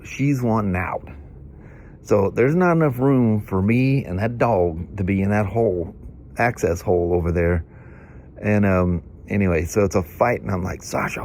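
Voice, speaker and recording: A man's voice: on the low side, darkish tone, a little hiss or hum. A middle-aged man vlogging, a stuffy-nosed storyteller with a chatty, folksy manner who rambles and laughs through his stories. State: congested from hay fever.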